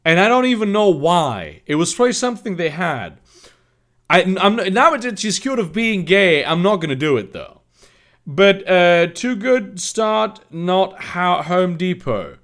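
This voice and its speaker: A man's voice: high-pitched, lively intonation, unhurried, a bit bright. A man doing a mocking comedic reading of fan fiction, breaking off for sarcastic, incredulous asides. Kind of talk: mocking dramatic reading with commentary.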